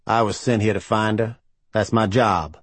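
A male narrator voicing a persistent, barrel-chested private investigator with a deep, scratchy American voice and a hint of a twang. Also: steady tone, normal speed, dry recording, lightly acted. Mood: insistent. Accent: American with a slight twang.

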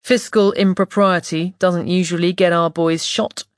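A man's voice: high voice, level tone, moderate pace, clean tone, dry recording, studio quality, natural voice. A woman reading an audiobook voices a suspicious, nervy male police officer who smokes, with a squeezed nasal voice and a wheeze. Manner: suspicious, curt.

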